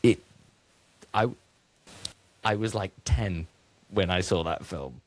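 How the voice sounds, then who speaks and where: A man's voice: deep voice, lively intonation, slow pace, no echo. Man trading crude jokes in podcast banter. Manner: playful, crude banter and tangents. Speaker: podcast co-host. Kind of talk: casual comedic podcast banter.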